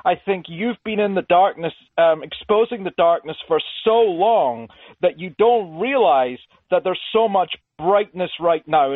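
A man's voice: high-pitched, dry recording. A man calling in to a radio show, speaking earnestly and politely. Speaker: caller. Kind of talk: call-in on radio. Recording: tinny phone line.

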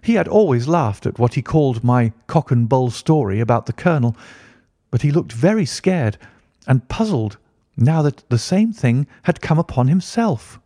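A man reading a classic story aloud in steady, even scripted narration. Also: mid-range voice, moderate pace, no room sound, studio quality. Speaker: audiobook narrator.

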